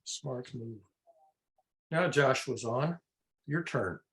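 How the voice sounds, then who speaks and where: A man's voice: mid-range voice, takes it slowly, a bit bright. A man on a casual video call, speaking in a playful, chatty way. He hands the floor to others and likes to explain how words form patterns. His voice comes through a computer microphone. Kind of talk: casual group video chat. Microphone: computer mic on a video call.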